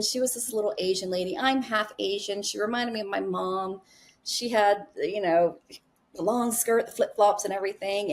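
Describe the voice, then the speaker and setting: A middle-aged woman, a nurse practitioner, telling a story in casual chat and acting out the dialogue. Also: mid-range voice. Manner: animated, acts out quoted dialogue.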